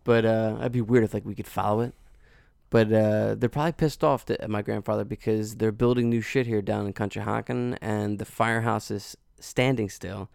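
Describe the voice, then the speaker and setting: A man's voice: on the low side, steady tone, normal speed, vocal fry, a little mellow, no echo, clean studio sound. A man hosting a podcast, laid-back and chatty, dropping dude and yo. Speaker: podcast host. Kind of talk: casual podcast banter.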